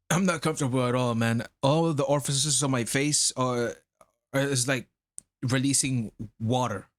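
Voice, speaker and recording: Male streamer, sick and stuffy-nosed, swears a lot, rambling, casual, mid-pitched, dry close sound. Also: measured pace, no echo. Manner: profane, rambling. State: unwell, stuffy nose. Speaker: live streamer. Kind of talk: casual live-stream chat.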